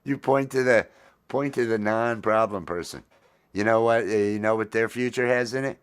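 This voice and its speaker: A man's voice: on the low side, moderate pace, clean tone. A middle-aged man hosting a casual morning coffee livestream, rambling and self-deprecating with lots of fillers. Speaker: livestream host.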